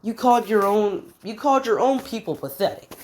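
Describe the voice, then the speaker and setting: A woman's voice: mid-range voice, big pitch swings, brisk, darkish tone, slight background noise, voice pushed up, natural voice. A woman voicing a hot-headed teenage boy who talks to his rival with scorn and exasperation, inside a casual fan story retelling. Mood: scornful.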